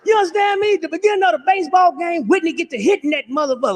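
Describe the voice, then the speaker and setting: Loud, high-voiced stand-up comedian. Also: male voice, fast. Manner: loud, profane, rhythmic riffing with big swings in pitch.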